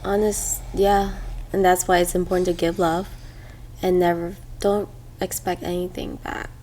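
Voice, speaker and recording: A woman hosting a podcast in casual conversation, speaking in a soft-spoken, reassuring way. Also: lowish voice, level tone, moderate pace, slight background noise. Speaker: podcast host.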